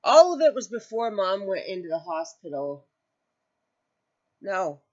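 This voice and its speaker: A woman's voice: medium pitch, big pitch swings, a little slow, a little mellow, lo-fi sound. Rambling, emotional woman crafter. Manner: rambling, self-correcting storyteller; emotional, near tears. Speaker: crochet channel host. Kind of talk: casual chat to camera.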